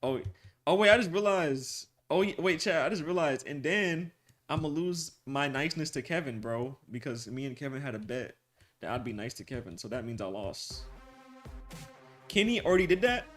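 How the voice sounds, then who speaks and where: A young man streaming live, chatting casually with his viewers in animated slang and laughing often. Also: on the high side, normal speed, faint music behind. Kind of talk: casual livestream chat with viewers.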